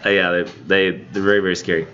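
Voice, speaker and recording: Man, low pitch, bright forceful tone, casual classroom lecture, dull lo-fi sound. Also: rapid-fire, clear, resonant tone, faint music behind. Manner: animated, reads verse aloud then paraphrases casually with many fillers. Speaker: college English instructor.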